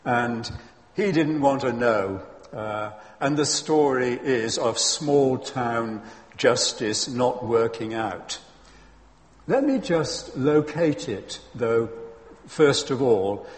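Slow-spoken preacher man in a reverberant hall. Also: medium pitch. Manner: lively and emphatic, with chuckles and asides. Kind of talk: sermon.

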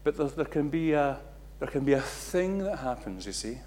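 A middle-aged man preaching a sermon, acting out quotes with big jumps in loudness and pitch. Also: moderate pace, slight background noise. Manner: animated, acts out quotes with big swings in loudness.

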